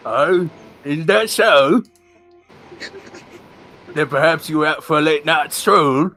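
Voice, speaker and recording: A man's voice: a little high, slow, bright, forceful tone, soft background music, full character voice. A man voicing a sly, courtly young man who speaks in honeyed, teasing formal phrases, in an amateur game read-through.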